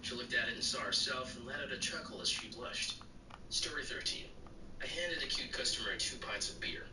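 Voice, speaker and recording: A man's voice: medium pitch, brisk, background noise. Distant echoey synthetic male narrator. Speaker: story narrator. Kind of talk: text-to-speech reading of bartender stories.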